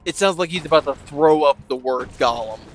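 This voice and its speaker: A man's voice: on the high side, a little fast, faint music behind. A man casually commenting on gameplay, rambling and joking at his own expense. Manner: rambling, joking, self-deprecating. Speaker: let's play streamer.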